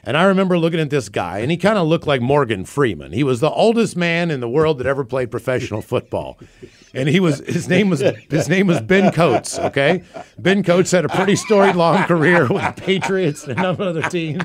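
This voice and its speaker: Animated, profane man telling a story. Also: a little high, a little fast. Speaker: podcast co-host. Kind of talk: casual storytelling chat.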